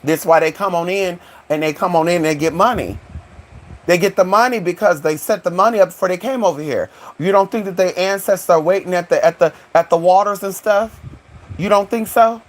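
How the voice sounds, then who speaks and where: A man's voice: high-pitched, fairly quick. A sassy, flamboyant man hosts a casual live stream with a slightly raised voice. He rambles to his unseen viewers and keeps calling them honey and girl. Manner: rambling, talks back to an unseen audience. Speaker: channel host.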